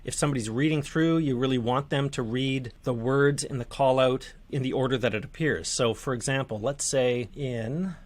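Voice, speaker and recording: Man, tutorial voice, conversational, relaxed, fillers and restarts. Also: medium pitch, normal speed, few pauses. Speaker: editor teaching manuscript formatting. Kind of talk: screen-share tutorial.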